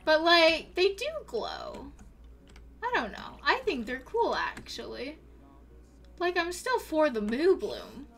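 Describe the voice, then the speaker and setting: A young woman livestreaming a game in casual chat, excitable and prone to gasping and squealing at what she finds. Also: sits high, takes it slowly, vocal fry. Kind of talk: casual gaming stream chat.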